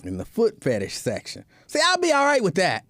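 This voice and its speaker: A man's voice: sits high, wildly swooping pitch, fairly quick, a bit bright, no room sound. A man hosting a show, telling a comedic casual monologue with joking, repetitive asides. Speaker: show host.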